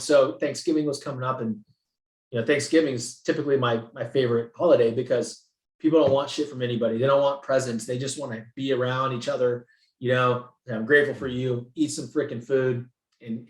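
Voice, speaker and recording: A man from the San Francisco Bay Area, a guest in an interview, telling his story in an animated, profane way and acting out what people said. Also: medium pitch. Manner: animated, profane, acts out quotes. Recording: roomy echo.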